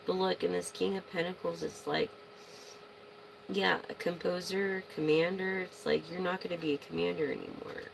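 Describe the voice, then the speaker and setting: Woman doing tarot readings, lowish gravelly voice, super chatty, swears, gets loud and excited. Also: moderate pace, background noise. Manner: chatty, excitable, bursts into shouting; swears casually. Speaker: tarot reader. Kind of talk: casual tarot reading to viewers.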